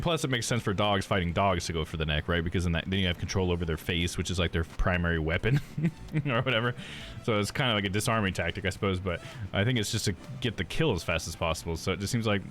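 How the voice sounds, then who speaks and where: A man's voice: fairly low pitch, fairly bright tone. A male streamer chatting casually while he plays a game, laughing often and calling people "dude".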